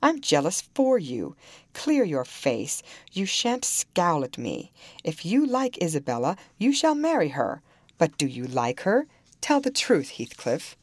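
A woman's voice: on the low side, very animated, unhurried, no echo. A woman reading the lines of an imperious, jealous young lady of the house, speaking sharply and commandingly.

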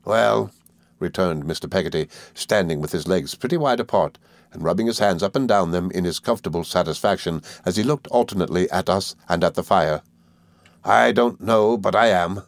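A man reading a classic novel aloud as narrator, in a measured storytelling manner. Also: deep voice, lively intonation, no echo.

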